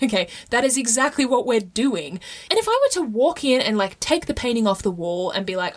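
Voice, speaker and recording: A woman's voice: fairly high pitch, sing-song, fairly quick, hardly any pauses. A woman explaining Catholic teaching in a casual, chatty monologue, full of "like" and frequent "okay?" and "right?" check-ins. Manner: fillers of "like" throughout.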